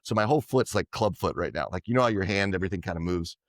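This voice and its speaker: A man being interviewed as a podcast guest, telling lively anecdotes and acting out what others said. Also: low-pitched, racing, no room sound, clean studio sound. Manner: animated anecdotes, quoting others in dialogue. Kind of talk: casual storytelling interview.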